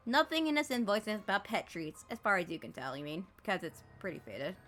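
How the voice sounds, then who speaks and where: Lively, bright-voiced woman streamer. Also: medium pitch, fairly quick, soft background music. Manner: animated, jokey, mocks the game text. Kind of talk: reading game text aloud with playful commentary.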